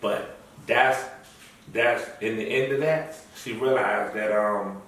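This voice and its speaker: A man's voice: fairly low pitch, slow. A middle-aged man as an interview guest, chatting casually and telling stories animatedly. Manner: animated storyteller, acts out quoted lines. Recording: echoey room, far from mic.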